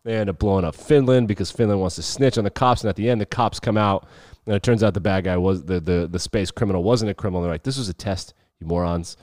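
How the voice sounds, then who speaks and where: A man's voice: fairly low pitch, quick pace, darkish tone, dry recording, clean studio sound. A young man co-hosting a podcast, telling stories in a rambling, casual way and laughing often. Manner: rambling storyteller, laughs often, acts out quotes. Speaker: podcast co-host. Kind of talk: casual chat.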